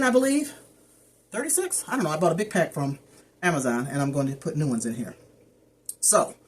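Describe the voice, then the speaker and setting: Her voice is extremely low and slightly rough. She's a plant care vlogger chatting casually while showing her house plants, straying from the topic and fumbling plant names in this relaxed how-to talk.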